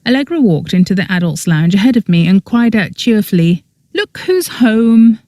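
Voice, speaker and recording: An audiobook narrator reading a first-person story in an even storytelling manner, close to the mic. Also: mid-range voice, brisk, no echo.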